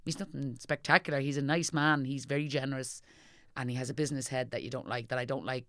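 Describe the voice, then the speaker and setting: A woman's voice: very deep voice, steady tone, fast talker, a bit bright, no echo, studio quality. A middle-aged woman with a Dublin accent chatting as an interview guest, telling stories animatedly and acting out what people said. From Ireland. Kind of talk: casual chat.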